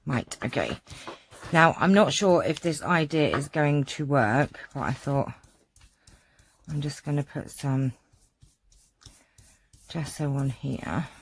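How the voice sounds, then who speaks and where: A woman's voice: deep voice, animated, slow pace, long pauses, breathy edge. A woman chatting in a gushing, rambling way while giving a casual craft tutorial at home. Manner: warm-hearted, gushing, rambling. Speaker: crafting vlogger.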